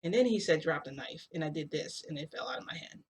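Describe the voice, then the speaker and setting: A woman's voice: low-pitched, animated, quick pace, a little mellow, slightly rough. A woman casually telling a long story to her viewers, rambling with many fillers. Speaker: vlogger.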